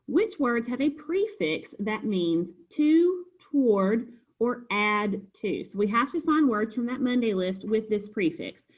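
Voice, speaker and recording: Patient teacher, female, slightly husky, explains homework answers one by one. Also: fairly high pitch, animated, measured pace, hardly any pauses, low-quality recording. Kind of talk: recorded homework review lesson.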